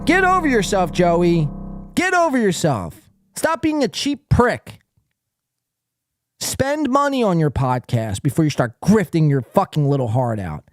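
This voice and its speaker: A man hosts a live podcast, firing profane, taunting insults at a viewer as he reads the chat aloud. His pitch swings widely between mocking highs and low growls. The sound is dry and close, with no room around it. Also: huge pitch swings, unhurried, no room sound, soft background music. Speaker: podcast host. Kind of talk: live stream rant reading chat.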